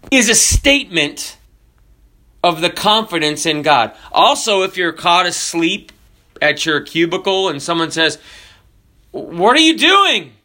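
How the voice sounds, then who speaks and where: A man preaching a sermon with jokes and animated storytelling. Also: on the high side. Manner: animated, jokey storytelling with drawn-out emphasis.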